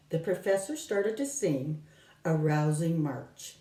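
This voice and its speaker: A woman teacher reading a storybook aloud to her class in a slow, expressive manner. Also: sits low. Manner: slow, expressive read-aloud with lively voicing. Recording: roomy, from a distance.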